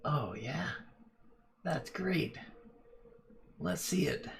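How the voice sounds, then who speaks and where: A man's voice: fairly high pitch, very animated, very slow, slight background noise, pitched above the performer's own voice, full character voice. A man voicing a shady male dealer who buys stolen books in a tabletop game. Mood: pleased. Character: shady male book buyer, smooth dealer.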